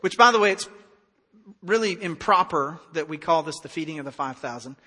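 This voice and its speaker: A man preaching a sermon as pastor, in a conversational, animated way with acted-out dialogue. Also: fairly high pitch, fairly quick, long reverb tail.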